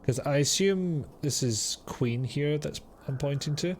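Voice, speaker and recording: A man's voice: fairly high pitch, measured pace, a little hiss or hum. Joking man on a game stream. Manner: dry, joking banter. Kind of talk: casual chat.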